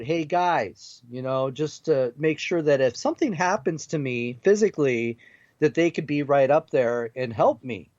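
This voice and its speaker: Animated man telling a story, dull dry audio. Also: a little high, no room sound. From Seattle area. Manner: animated storyteller, laughs at himself. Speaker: guest paranormal investigator. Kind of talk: storytelling on a talk radio show. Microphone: remote call.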